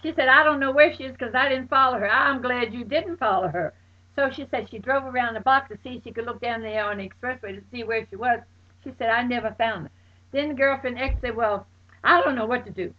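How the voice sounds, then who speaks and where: A woman telling a story about her night out, bursting into loud exclamations and acting out her friends' voices. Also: a little high, brisk. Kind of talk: animated personal anecdote. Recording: dull lo-fi recording.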